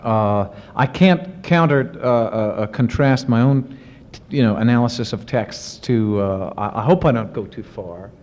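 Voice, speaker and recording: A man, an author and professor, answering audience questions in lively storytelling with many restarts and fillers. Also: medium pitch, a little slow, few pauses, big-room sound. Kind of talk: casual spoken Q&A. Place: university lecture event. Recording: muffled 1970s archive recording.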